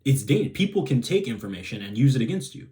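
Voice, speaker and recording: Speaking quickly and very animatedly, a man with a mellow, medium-pitched voice hosts a self-help video. His casual advice monologue rambles, with restarted sentences and frequent "right?" check-ins.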